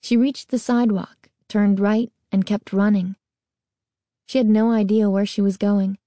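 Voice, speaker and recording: A woman narrating a children's horror novel in a measured, deliberate reading. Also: mid-range voice, flat delivery, dark tone, no echo, studio quality. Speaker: audiobook narrator. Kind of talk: scripted narration.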